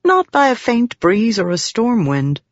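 A woman's voice: on the high side, very animated, no echo, voice pushed up. A woman voicing a gracious noblewoman patron. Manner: gracious, measured, explaining patiently. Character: poised noblewoman patron of scholars. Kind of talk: audiobook character reading. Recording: dry, slightly muffled recording.

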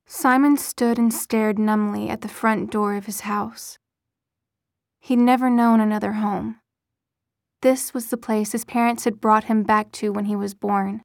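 A woman narrating a novel in a measured, steady storytelling voice. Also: mid-range voice, gravelly, no room sound, studio quality. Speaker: audiobook narrator. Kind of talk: scripted audiobook narration.

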